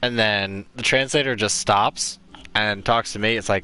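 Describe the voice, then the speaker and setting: A man's voice: on the low side, fairly even intonation, measured pace, bright, forceful tone, smooth. A man casually chatting and telling stories while playing a game as a let's play host. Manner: chatty, rambling storyteller. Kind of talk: casual gaming commentary.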